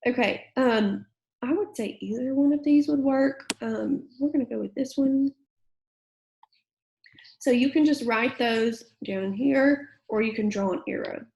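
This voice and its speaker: A woman's voice: a little high, unhurried, creaky, darkish tone, low-quality recording. A woman teacher giving a recorded middle school English lesson. She reads a passage aloud and then explains it in a patient, conversational way with plenty of fillers.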